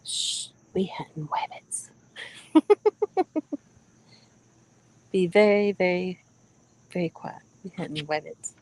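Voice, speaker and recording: A woman putting on a timid, hushed cartoon hunter man, speaking slowly in a soft breathy whisper with a childish lisp. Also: on the low side, dry recording, rough recording.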